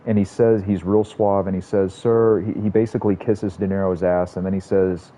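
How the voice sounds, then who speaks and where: Deep dark-toned dude streaming a game, swears a lot, rambles, bit of noise behind him. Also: male voice, flat delivery, brisk, few pauses, dull audio. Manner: profane, rambling, self-mocking. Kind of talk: casual gameplay chat.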